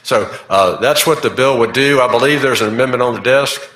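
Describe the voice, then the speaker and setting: A senator walks the chamber through his bill, steady and explanatory, pausing with uh's. His voice is bright. It rings in a large echoing chamber with a long tail. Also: mid-range voice. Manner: measured, explanatory, with frequent fillers. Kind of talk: legislative floor speech. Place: legislative chamber. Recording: echoey chamber with long reverb.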